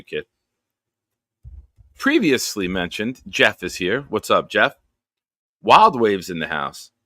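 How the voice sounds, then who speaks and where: Bright-voiced man hosting a live stream. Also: lowish voice, no room sound, studio quality. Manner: upbeat, rambling, greets viewers by name. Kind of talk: casual live stream chat.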